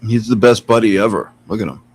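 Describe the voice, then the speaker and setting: A man's voice: on the low side, expressive, quick pace, darkish tone, husky, poor audio. A man streaming casually from home, chatting with viewers, laughing often and cooing at his cat, sitting some way from his computer mic. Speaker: live streamer. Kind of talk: casual live-stream chat. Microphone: computer mic some distance away.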